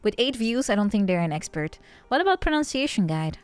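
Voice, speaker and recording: Brief: giggly non-native-English woman streamer, casual rambling chat, lively pitch, soft music underneath. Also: a little fast, clear, resonant tone, dry recording. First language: not English.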